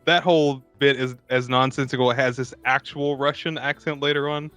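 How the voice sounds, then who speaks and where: A man co-hosting a podcast, chatting casually about a movie and laughing between animated impressions of its lines. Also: medium pitch, brisk, dull audio, faint music behind. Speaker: podcast co-host. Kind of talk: casual movie review chat.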